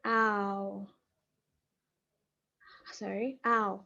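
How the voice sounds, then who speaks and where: A woman teaching a language class over a video call, explaining patiently and slowing down to repeat key phrases. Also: mid-range voice, flat delivery, gravelly, pushed and bright. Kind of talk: online class lecture. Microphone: computer mic on a video call. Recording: muffled video-call audio.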